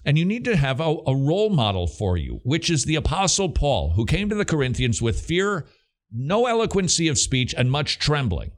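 A middle-aged man with a Southern American accent hosts a Christian question-and-answer radio show. His voice is a little high and very animated, moving at a moderate pace with an emphatic, preacherly delivery.

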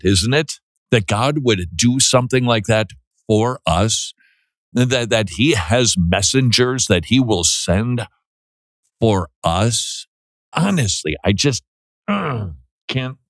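Low-voiced male radio host, dry studio sound. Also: no room sound. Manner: conversational, self-deprecating, jokey asides. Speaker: radio show host answering listener questions. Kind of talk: casual radio call-in chat.

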